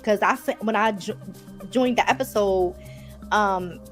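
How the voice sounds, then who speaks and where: A woman's voice: mid-range voice, measured pace, faint music behind. A woman with a Baltimore accent, chatting casually to her viewers as she recaps a TV episode. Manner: chatty, addresses viewers as y'all. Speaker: TV episode reviewer.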